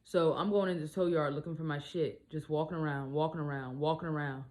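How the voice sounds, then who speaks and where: Brief: lower-voiced woman, casual storytime, blunt and animated delivery with cursing. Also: quick pace. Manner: animated, blunt, swears freely. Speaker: single mom vlogger.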